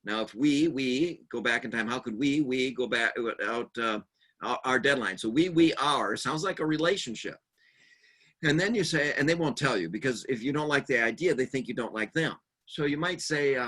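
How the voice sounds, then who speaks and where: Bright-voiced humorous male seminar speaker. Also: mid-range voice, moderate pace. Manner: humorous storyteller acting out quoted voices; lively, animated delivery. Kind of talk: conference workshop talk.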